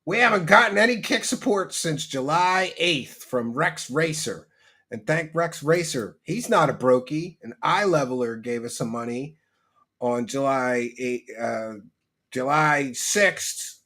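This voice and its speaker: A man's voice: on the high side, expressive, bright, forceful tone. A man hosting a livestream, reading chat aloud and joking with mock rants. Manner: mock-ranting, joking, quick to laugh. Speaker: livestream host.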